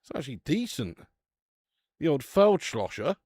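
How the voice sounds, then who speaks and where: A man's voice: a little high, very animated, normal speed, a little mellow, husky, no echo. A man hosting a casual football watch-along stream, chatting with the live chat and swearing casually.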